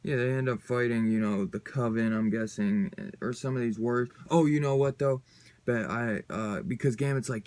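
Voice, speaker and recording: A man's voice: medium pitch, steady tone, moderate pace, a little mellow, dry recording. A man giving a casual comic book review on his channel, rambling and loose, with lots of fillers and some swearing.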